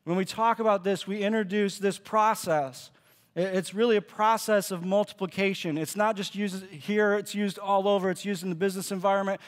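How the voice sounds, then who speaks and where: A man's voice: high-pitched, fairly even intonation, brisk, long reverb tail. A man giving a sermon as pastor, preaching in a conversational way and acting out the quoted speech he tells. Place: church auditorium.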